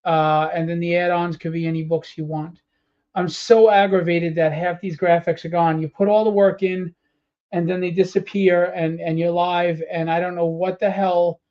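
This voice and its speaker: A man's voice: high-pitched, level tone, normal speed, darkish tone, dull audio. A tired man presenting his comic book campaign live, rambling with many fillers and openly annoyed at what has gone wrong. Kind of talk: casual live-stream walkthrough.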